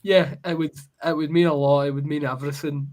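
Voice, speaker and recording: A man's voice: fairly high pitch, level tone, a little fast, darkish tone. A young Scottish man in his twenties, talking football casually on a podcast, rambling with many fillers and restarts. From Scotland.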